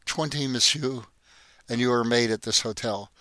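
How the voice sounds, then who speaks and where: A man voicing a guarded, sharp-witted young woman working as a hotel maid. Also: medium pitch, normal speed, no room sound, close to an everyday voice. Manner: polite, composed, quietly defiant.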